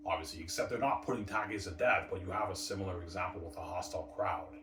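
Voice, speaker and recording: A man's voice: deep voice, fast. A man rambling casually about a book he wrote, often tacking on "obviously" and "man". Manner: rambling, repeats "obviously" and "man", acts out lines from his story. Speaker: author talking about his own book. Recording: echoey room, mic far off, noisy.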